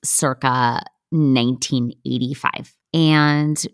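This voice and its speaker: A middle-aged woman hosting a podcast, telling her own stories in a casual, animated, self-deprecating way and acting out the lines she quotes. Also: rumbling low, slow, clear, resonant tone, no echo, clean studio sound. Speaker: podcast host. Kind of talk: casual storytelling.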